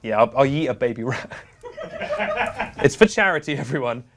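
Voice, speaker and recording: A man's voice: mid-range voice, moderate pace, crowd noise. A young man hosting a comedic charity live stream, playful and prone to laughing. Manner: playful, giggly, animated banter.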